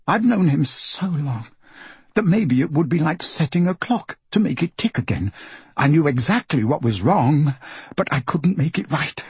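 A man's voice: a little high, big pitch swings, moderate pace, vocal fry, a little mellow, breathy edge, no room sound, pitched above the performer's own voice, heavily acted. A man voicing a grieving young woman magician in an audiobook, his voice raised and trembling with grief. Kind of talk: audiobook character voice.

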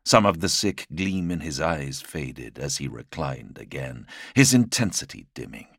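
A man narrating an audiobook in a dramatic, measured storytelling manner. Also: a bass voice, very animated, a bit bright, no echo, studio quality. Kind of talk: scripted narration.

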